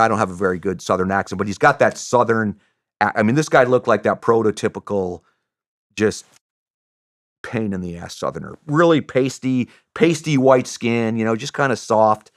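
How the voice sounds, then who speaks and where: A middle-aged American man, a retired soldier, telling a story as a podcast guest in an animated, rambling way with restarts and swearing. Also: fairly low pitch, normal speed, dry recording, clean studio sound. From United States. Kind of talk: casual anecdote telling.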